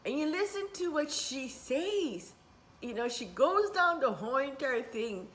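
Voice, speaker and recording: A woman's voice: high-pitched, sing-song, measured pace. A middle-aged woman who teaches spiritual workshops, rambling in a casual vlog and dropping in Japanese words. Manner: rambling, warm-hearted, mixes in Japanese words.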